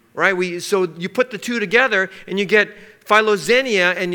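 A man preaching in an easy, conversational way, often checking in with his listeners. His voice sits high for a man and sounds very bright and forceful. He slips into quick little acted-out exchanges to make his point. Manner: conversational, asks the congregation to circle words, acts out little scenes. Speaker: pastor. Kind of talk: sermon.

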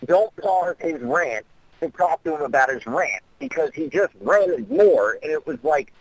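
A man's voice: a little high, very animated, measured pace, vocal fry, no echo, rough recording. A man leaving a voicemail for a podcast over the phone, blunt, profane and enthusiastic. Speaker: caller.

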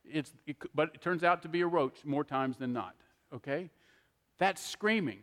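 Preacher, middle-aged man, high tenor voice, chatty sermon style, handheld mic, long church reverb. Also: normal speed, fairly bright tone. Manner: conversational preaching with frequent "okay?" asides. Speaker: pastor. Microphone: handheld microphone.

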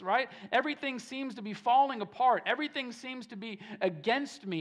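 A pastor preaching a Sunday sermon, repeating key phrases and shifting between hushed and forceful delivery. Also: male voice, very high voice, fairly quick, hardly any pauses. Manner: emphatic, repeats phrases, swings from soft to loud. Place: church service.

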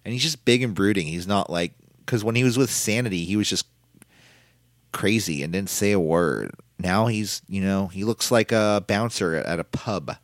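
A man's voice: low-pitched, normal speed, dry recording, studio quality. A man hosting a casual solo podcast, recapping events in a rambling, opinionated way. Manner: rambling and opinionated, quotes people in put-on voices. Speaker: podcast host recapping wrestling.

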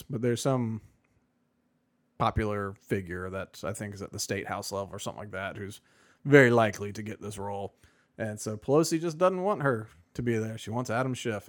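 A man co-hosting a podcast in casual chat, rambling and sarcastic with many fillers. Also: on the low side. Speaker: podcast co-host.

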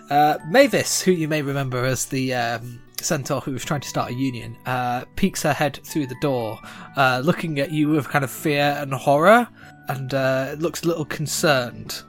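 A game master narrating a tabletop game scene in a relaxed way, with frequent filler sounds. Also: mid-range voice.

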